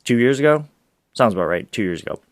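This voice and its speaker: A man hosting a solo sports podcast, talking in an excitable, rambling way with restarts and laughs. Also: mid-range voice, fast talker, no echo, studio quality. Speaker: podcast host.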